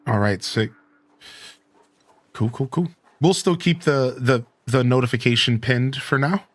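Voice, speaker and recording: Speaking at a measured pace in a mid-range voice, a man chats with viewers while streaming a game. He voices the game dialogue as he goes, at times slipping into a put-on Scottish accent.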